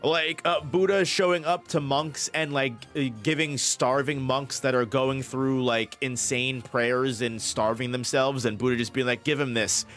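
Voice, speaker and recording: A man's voice: medium pitch, fairly even intonation, unhurried, hardly any pauses, fairly bright tone. Male manga reviewer, easygoing and foul-mouthed, mid-range voice, light music underneath. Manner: rambling, profane, enthusiastic with restarts. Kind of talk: casual commentary.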